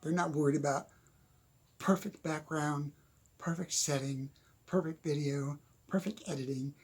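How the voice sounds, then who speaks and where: Gravelly-voiced man giving casual motivational talk. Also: fairly high pitch, steady tone, unhurried. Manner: chatty, laughs often, repeats "okay?". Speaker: motivational speaker. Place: home, at a desk.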